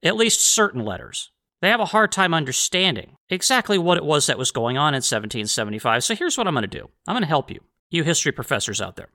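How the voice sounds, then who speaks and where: Male podcast host, bright, sarcastic and rambling, mock-apologetic asides. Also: a little high, big pitch swings, fast. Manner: mocking, sarcastic, rambling with restarts. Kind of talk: sarcastic history podcast monologue.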